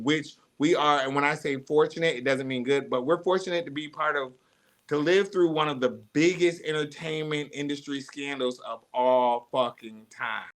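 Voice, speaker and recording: A man's voice: mid-range voice, a bit bright. A man co-hosting a casual commentary chat, talking in a blunt, profane, speculative way.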